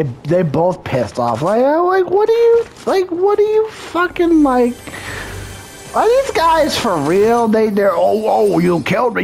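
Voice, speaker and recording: A man's voice: high-pitched, slight background noise. A man making gaming videos, giving a profane, frustrated running commentary and trash-talking other players as he plays.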